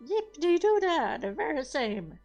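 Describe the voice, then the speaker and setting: A woman's voice: mid-range voice, moderate pace, natural voice. A woman voicing a haughty, scolding male goblin gunner, with dull audio and game music behind her. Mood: boastful.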